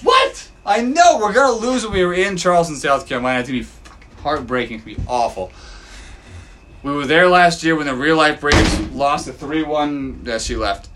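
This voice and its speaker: A man hosting a podcast from his backyard, ranting profanely as a sports fan and swinging from loud outbursts to low mutters. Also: animated, a little fast, background noise. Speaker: podcast host. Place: home backyard.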